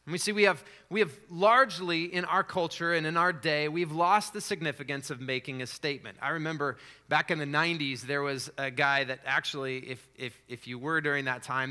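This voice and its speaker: A middle-aged man delivers a sermon with a bright, forward tone that sits a little high for a man. He talks to the congregation in a conversational way, with fillers and restarts. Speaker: pastor.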